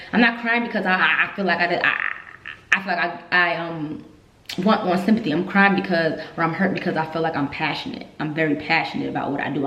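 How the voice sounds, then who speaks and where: Fast-talking woman, just telling it straight, kinda emotional, echoey room. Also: sits low, a bit bright. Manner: emotional, candid, repeats herself when upset. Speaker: vlogger telling her army story. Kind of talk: casual storytelling vlog.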